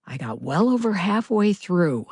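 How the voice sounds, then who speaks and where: A woman's voice: lowish voice, sing-song, measured pace, a little mellow, slightly rough, dry recording, clean studio sound, heavily acted. A woman narrator voicing a fifty-five-year-old author who mutters to herself, fretful and self-critical.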